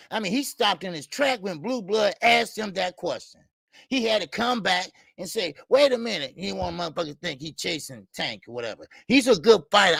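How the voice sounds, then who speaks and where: A man's voice: sits high, creaky, fairly bright tone, no room sound. A middle-aged man hosting a boxing talk stream, ranting heatedly and swearing often, repeating himself and reacting to the chat. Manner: profane, heated, repetitive ranting. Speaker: boxing talk show host. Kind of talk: live stream rant reading chat.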